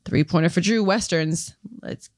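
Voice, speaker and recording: Female podcast co-host, lower register, relaxed chatty recap of match scores, dry close-miked sound. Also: moderate pace, dry recording. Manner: reads out match results and trivia questions, then chats loosely. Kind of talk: casual chat recapping competition matches.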